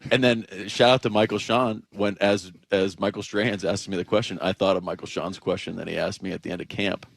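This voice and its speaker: A man's voice: low-pitched, steady tone, fairly quick, vocal fry, dry recording. A man from Georgia, a football player, telling a story in casual interview chat with many filler words. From Georgia, USA. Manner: rambling, heavy on fillers like "like".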